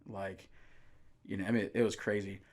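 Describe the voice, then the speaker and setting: A man's voice: on the low side, moderate pace. Laid-back man telling a story. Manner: relaxed storytelling, fillers like "man" and "like". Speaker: youth pastor. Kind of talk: casual podcast conversation.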